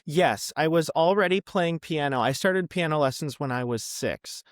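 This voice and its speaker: A young man from the Midwest, a podcast guest chatting casually about his past with lots of ums and quick asides. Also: fairly high pitch, no echo, studio quality. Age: young adult. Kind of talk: casual interview chat.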